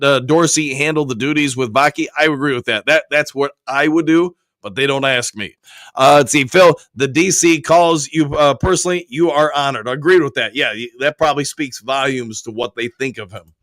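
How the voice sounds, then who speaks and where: Male sports stream host, hoarse and deep from a cold, casual, reads out chat, dry close mic. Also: a little fast, fairly bright tone, no echo. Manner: casual, reads viewer comments aloud and answers each. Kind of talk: live-stream sports talk.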